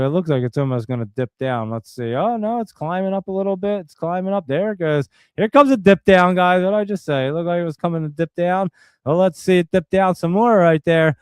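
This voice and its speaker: A man hosting a stream, giving casual live play-by-play commentary in a chatty, excitable way and talking straight to his viewers. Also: fairly high pitch, fairly quick, clean tone, no room sound. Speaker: stream host.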